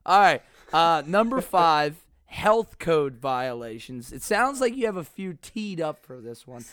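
A man's voice: on the high side, very animated, unhurried, a bit bright, smooth, no echo, studio quality. A man from the US East Coast hosting a podcast, teasing and skeptical in casual chat. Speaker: podcast host.

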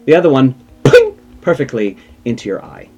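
A man's voice: mid-range voice, wildly swooping pitch, moderate pace, a little mellow. A man narrating a tabletop game as game master, playful and chatty, with faint music underneath. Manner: playful, chatty, self-mocking.

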